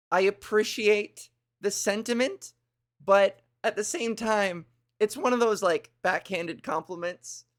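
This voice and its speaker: Woman goofing around on a live comedy stream, rambly and kinda crude, mid pitch, just chatting to chat. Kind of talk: casual livestream chat with viewers.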